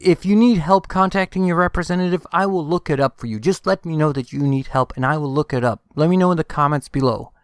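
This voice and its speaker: A man's voice: a little high, fast, hardly any pauses, clean tone, no room sound, studio quality. A man hosting his own channel, delivering an angry, emphatic rant and urging viewers to act. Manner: emphatic, exhorting, repeats calls to action. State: furious. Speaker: channel host. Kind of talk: angry political rant to camera.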